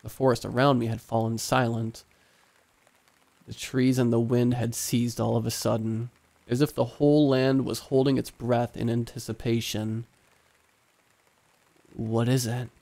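A man narrating a scripted horror story in a hushed, suspenseful way. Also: mid-range voice, level tone, normal speed, gravelly.

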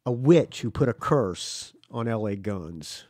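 A male podcast host chats with his guest, laughing easily. His voice is mid-pitched and very lively, rising and falling a lot. The sound is dry and close, with no room in it. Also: slow pace, dry recording. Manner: animated, laughs often. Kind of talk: casual interview chat.

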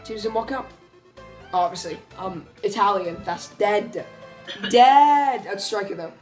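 A woman giving casual, excitable commentary as she opens card packs, calling out reveals and laughing often. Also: medium pitch, normal speed. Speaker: gaming YouTuber. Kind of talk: casual pack-opening commentary. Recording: faint background music.

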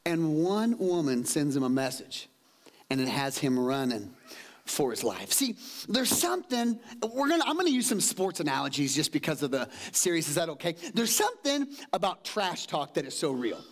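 A middle-aged man preaching a sermon in church, energetic, dropping to low asides and rising to loud exclaims, acting out quotes in changed voices. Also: moderate pace. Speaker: pastor. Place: church sanctuary.

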